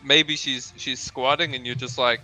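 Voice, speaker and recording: A man's voice: mid-range voice, steady tone, normal speed, music in the background, rough recording. A young man co-hosting a casual boxing podcast, laid-back and crude, laughing easily. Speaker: podcast co-host.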